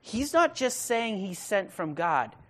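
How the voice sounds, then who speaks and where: A preacher giving a casual, conversational sermon, asking rhetorical questions and paraphrasing in modern slang, building to loud emphatic bursts. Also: medium pitch, big pitch swings, slow.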